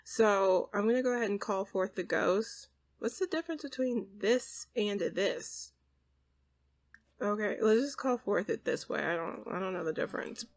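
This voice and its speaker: A woman's voice: mid-range voice, animated, normal speed, vocal fry. A young adult woman hosting a life-sim gaming video in casual let's-play commentary, rambling, laughing often and getting sentimental as she talks. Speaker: gaming channel host.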